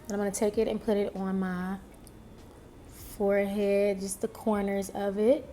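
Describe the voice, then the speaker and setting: A beauty vlogger, a young woman, chats her way through her makeup routine, addressing viewers and herself and stretching out her exclamations. Her mellow, medium-pitched voice stays fairly level in pitch. Some hiss or hum sits under the audio.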